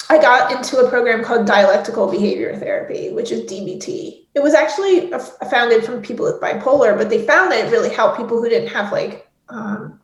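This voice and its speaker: Interview guest, woman, 40s, fairly high voice; open, emotional, lots of "like"; roomy echo on the call. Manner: candid and emotional, lots of "like" fillers. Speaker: guest, head of production at an ad agency. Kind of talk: candid interview conversation.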